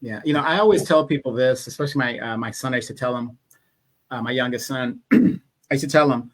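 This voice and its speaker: A man hosting a casual interview, reading viewer questions in a relaxed, hesitant way with many fillers. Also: mid-range voice, fairly quick. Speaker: host.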